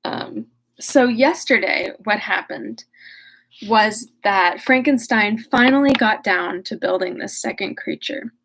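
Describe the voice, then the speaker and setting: A woman's voice: medium pitch, takes it slowly, vocal fry, a bit bright, slight background noise, poor audio. A woman recapping a classic novel casually in a chatty, wry way, full of fillers, then reading it aloud. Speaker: reader and discussion leader.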